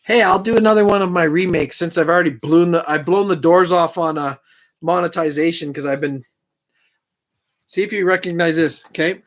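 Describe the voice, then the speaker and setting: A man hosts a live stream in a loose, rambling chat, cracking jokes and putting himself down. His voice sits a little higher than average. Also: a little fast. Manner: rambling, joking, self-deprecating.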